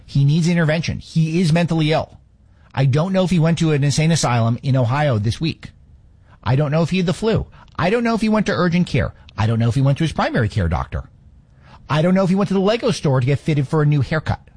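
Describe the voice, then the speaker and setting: Husky, sarcastic man hosting commentary. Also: on the high side, sing-song, fairly quick, a little mellow. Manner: sarcastic, mocking rhetorical questions. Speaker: political commentary host. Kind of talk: opinionated monologue with played clips.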